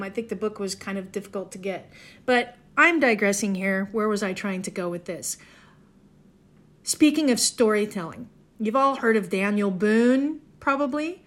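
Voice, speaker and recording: A woman from the Ozarks, chatting casually in a digressive monologue and correcting herself as she goes. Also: mid-range voice. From Southwest Missouri, Ozarks. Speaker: folklore podcaster.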